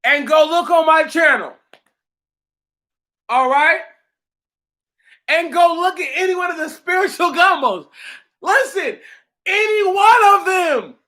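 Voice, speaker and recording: A high-pitched man with a bright, cutting tone rants on his own channel. He is profane and confrontational, and he talks at an unhurried, drawn-out pace as he mocks the people in his comments. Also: lively intonation. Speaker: channel host answering commenters. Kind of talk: heated livestream rant.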